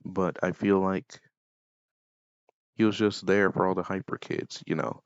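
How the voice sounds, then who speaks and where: A young man with a very low, gravelly voice talks slowly and offhandedly in a casual vlog. The sound is dry and close but dull and lo-fi, and he drifts into deadpan asides. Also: dry recording. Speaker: YouTuber. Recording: dull lo-fi mic.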